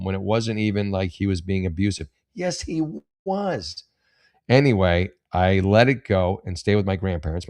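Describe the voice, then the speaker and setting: A man with a fairly low voice reads advice posts aloud and then answers them in casual talk. His reactions are blunt, profane and exasperated. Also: darkish tone. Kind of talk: casual commentary on read-out posts.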